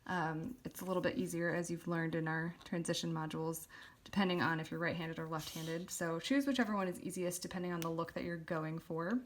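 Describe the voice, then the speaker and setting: A woman calmly teaching a calligraphy lesson, explaining step by step with occasional ums while she writes. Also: lowish voice, a little fast. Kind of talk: instructional voice-over while writing.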